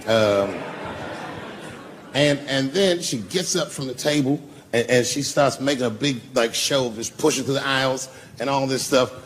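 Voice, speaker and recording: A man's voice: medium pitch, unhurried. A man doing live stand-up, telling stories in a loose, profane, conversational way. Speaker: stand-up comedian.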